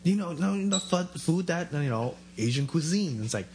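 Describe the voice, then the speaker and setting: A man's voice: fairly high pitch, normal speed, over music. A man chatting casually, acting out voices as he tells stories. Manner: animated storyteller acting out quotes. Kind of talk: casual chat.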